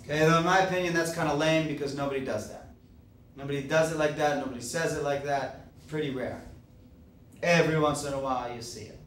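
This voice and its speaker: A man teaching a language lesson, sounding each word out slowly and carefully. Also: on the high side, steady tone, fairly bright tone, a little hiss or hum. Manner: slow, spelling words out carefully, stressing each syllable. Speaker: Spanish teacher. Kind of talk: classroom-style lesson. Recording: echoey room, mic far off.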